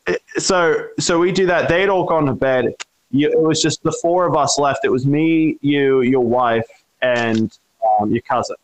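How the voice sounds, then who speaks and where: A man's voice: fairly high pitch, normal speed. A man casually telling a wild story, swearing constantly and acting out the voices in it. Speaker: storyteller guest.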